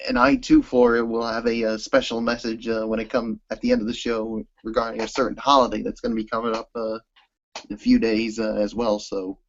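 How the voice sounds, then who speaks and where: A man's voice: fairly low pitch, brisk, gravelly. A man co-hosting a casual podcast, rambling through his thoughts with many "uh"s. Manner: rambling, filler-heavy recap. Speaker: co-host. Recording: slightly dull lo-fi audio.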